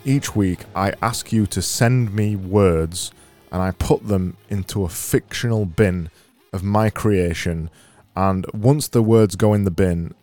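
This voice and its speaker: Low-voiced podcast host, dry humour. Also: male voice, a little mellow, no room sound. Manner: dry, self-mocking, reads listener messages. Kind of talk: casual solo podcast chat.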